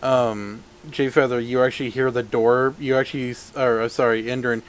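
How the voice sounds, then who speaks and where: A young man narrating a tabletop role-playing game as its game master. He talks loosely and easily, stopping often for fillers, at a middle pitch. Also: flat delivery, moderate pace.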